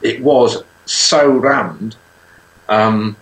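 A middle-aged man telling a long anecdote in casual chat, with halting restarts and chuckles. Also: mid-range voice, a bit bright. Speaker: guest. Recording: echoey room.

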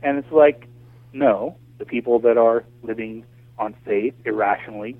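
A man's voice: medium pitch, normal speed, no room sound. American guy, tinny and dry phone call, fired-up and rambling, stumbling over his words. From United States. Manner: passionate, ranting, frequent restarts and fillers. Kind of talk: casual conversation over a call.

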